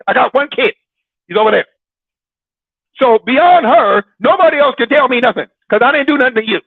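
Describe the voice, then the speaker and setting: A man's voice: very high-pitched, expressive, normal speed, creaky, dry recording, narrow, tinny audio. A man hosting a Christian broadcast, preaching in a casual, teasing way with dramatic repetition and frequent laughs. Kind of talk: sermon-like casual talk.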